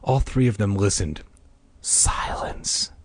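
A man hosting a podcast, narrating a children's horror book with wry asides, with a husky voice. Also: on the low side, normal speed, no echo. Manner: wry asides between chapters. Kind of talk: storybook narration.

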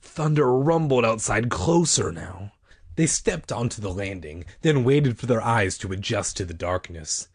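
A man's voice: on the low side, expressive, unhurried, husky. A man reading a children's horror book aloud, breaking off for playful, self-mocking asides and swearing. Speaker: reader.

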